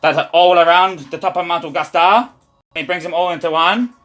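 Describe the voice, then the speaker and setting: A man's voice: high-pitched, steady tone, normal speed, a bit bright, faint music behind. A man streaming a rambling, repetitive religious monologue, preachy and full of profanity.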